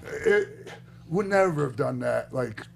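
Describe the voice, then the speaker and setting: A man with a gravelly voice in casual podcast chat, asking halting questions full of fillers. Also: mid-range voice, huge pitch swings.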